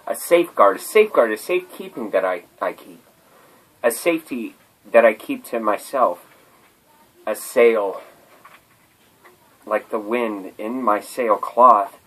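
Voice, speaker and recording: A man performing an improvised spoken-word poem, stringing playful alliterative words together with halting repeats and a drawn-out, musing delivery. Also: on the low side, sharp tone, low-quality recording.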